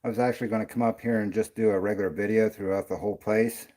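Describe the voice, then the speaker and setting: A man's voice: lowish voice, steady tone, fast, darkish tone. A man doing a paranormal investigation vlog, out of breath and rambling as he talks to the camera. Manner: rambling, self-interrupting. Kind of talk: casual vlog talk.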